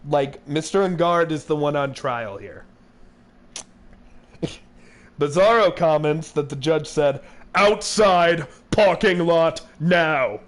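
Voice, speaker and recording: A man's voice: a little high, animated, slow pace, pauses often. A man hosting a let's-play, reading game dialogue aloud and joking around in a playful way. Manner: playful, slips into mock-angry shouting voices. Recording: game music playing behind.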